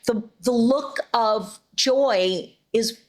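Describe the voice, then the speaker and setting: A middle-aged woman voice actress chatting as an interview guest, warm and rambling with frequent restarts. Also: on the high side, extremely slow. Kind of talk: casual interview chat.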